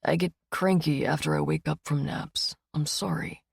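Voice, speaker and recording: A woman voicing a brusque young man, a cranky boyfriend, in an audiobook with a low, quiet, clipped delivery. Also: steady tone, moderate pace, gravelly, breathy edge, no echo, clean studio sound, heavily acted. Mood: hushed. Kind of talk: audiobook character voice.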